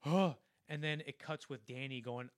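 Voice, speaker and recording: A man's voice: mid-range voice, fairly quick, no room sound, clean studio sound. A young man co-hosting a casual film podcast, animatedly retelling scenes in a rambling way full of restarts. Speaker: podcast co-host.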